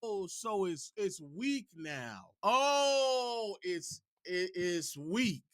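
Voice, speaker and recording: A man's voice: high voice, sing-song, very slow, fairly bright tone, dry recording, studio quality. A man co-hosting a podcast, making pointed, sarcastic remarks in casual talk. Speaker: podcast co-host. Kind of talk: casual reaction chat.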